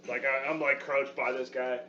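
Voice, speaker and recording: A man's voice: mid-range voice, level tone, normal speed, pushed and bright. A man playing a tabletop game, describing his actions in a rambling, casual way with many fillers. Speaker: player. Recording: echoey room, far mic, dull sound, noise.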